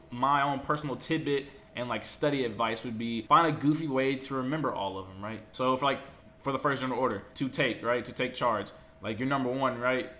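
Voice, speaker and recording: A young man talking casually to camera, giving advice in a quick, animated way and now and then acting out shouting drill instructors in a shrill voice. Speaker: vlogger giving boot camp advice.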